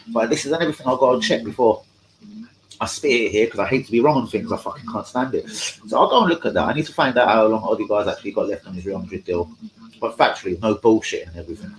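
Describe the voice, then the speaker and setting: A man's voice: on the low side, a little hiss or hum, low-quality recording. A man hosts a live-stream football chat, talking in a casual, rambling way with slang and heavy swearing. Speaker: fan channel host.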